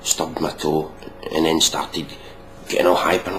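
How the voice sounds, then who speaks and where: A man's voice: extremely low pitch, flat delivery, a little slow, fairly bright tone, a little hiss or hum, low-quality recording. A man hosting a casual reaction video, mocking and sarcastic, swearing freely.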